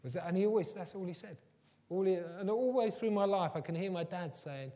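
A man preaching a sermon, telling personal stories, moving from quiet and low to loud and emphatic. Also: quick pace. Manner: warm storytelling, swings from soft and low to loud and emphatic. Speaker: pastor. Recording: long hall reverb.

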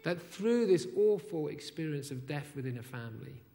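A man preaching a sermon, emphatic, rising to loud repeated phrases and then dropping soft. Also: on the high side, lively intonation, normal speed, vocal fry. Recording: long hall reverb.

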